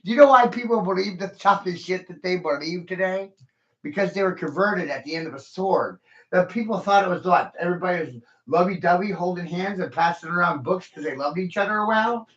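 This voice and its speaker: A man's voice: high voice, a little fast, fairly bright tone, highs cut off. Profane ranting man, echoey room. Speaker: podcast host. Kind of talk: casual podcast rant.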